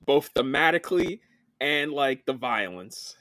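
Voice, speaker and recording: A man co-hosting a film podcast in casual chat, animated, laughing often and swearing freely. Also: mid-range voice, measured pace, no room sound. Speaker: podcast co-host.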